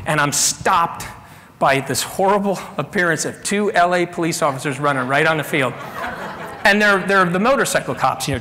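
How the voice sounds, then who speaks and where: A middle-aged man giving a storytelling keynote talk, animated and bursting into shouted voices of the people in his stories. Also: high-pitched, slight background noise. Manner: animated, acts out shouting characters mid-story. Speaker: keynote speaker. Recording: echoey hall with long reverb.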